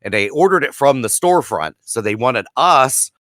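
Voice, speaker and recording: Man in his 40s, podcast co-host; bright tone, dry close sound, profane self-mocking storyteller. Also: expressive, moderate pace, no room sound. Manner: profane, self-mocking, acts out quotes with rising pitch. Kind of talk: casual storytelling.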